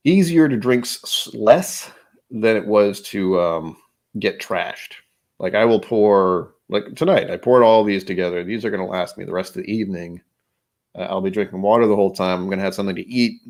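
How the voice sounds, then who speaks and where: Low-voiced rambling livestream host. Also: male voice. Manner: rambling, self-deprecating, with frequent restarts. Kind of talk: casual livestream chat.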